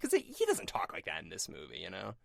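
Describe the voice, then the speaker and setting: Lively low-voiced podcast host. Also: male voice, quick pace, gravelly, no room sound. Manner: animated, swearing, chatty. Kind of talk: casual podcast chat.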